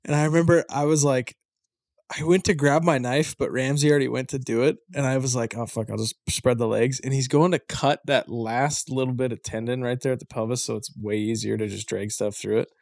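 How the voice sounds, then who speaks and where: A man co-hosting a podcast, telling a story in animated bursts and laughing mid-story. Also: mid-range voice, fairly quick, gravelly, dry recording, studio quality. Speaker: podcast co-host. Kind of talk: casual chat.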